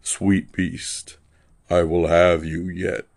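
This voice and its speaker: A man voicing a seductive female demon posing as a witch, speaking in a slow, low, coaxing way. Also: level tone, gravelly, darkish tone, no echo, exaggerated voice.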